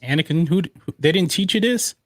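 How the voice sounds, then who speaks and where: A man's voice: a little high, lively intonation, fairly quick, fairly bright tone, no room sound. Host, male, casual movie watch-along talk, dry close mic. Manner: chatty, reads out viewer comments. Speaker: podcast host.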